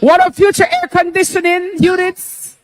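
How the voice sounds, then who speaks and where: Lively Jamaican woman hosting a telethon. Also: very high voice, moderate pace. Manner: lively, patois-laced banter. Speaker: telethon host. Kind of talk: live fundraising hosting.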